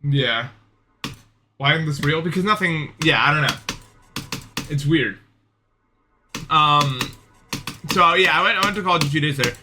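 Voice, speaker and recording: A man's voice: a little high, a little slow, long pauses, noisy background. A young man streaming, telling a long dream in casual chat, rambling with many fillers and restarts. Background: background music.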